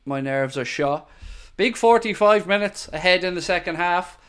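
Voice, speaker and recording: A man's voice: high voice, expressive, normal speed, a bit bright, smooth. A man hosting a live football watchalong, chatting casually, thanking viewers and giving tactical opinions. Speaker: football channel host.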